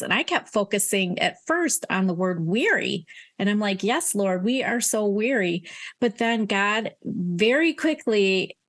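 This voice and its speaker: A woman's voice: medium pitch, a bit bright. A middle-aged woman, an author, speaking earnestly in a casual interview about her faith, with some fillers and restarts. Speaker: author guest. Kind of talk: casual Christian interview talk.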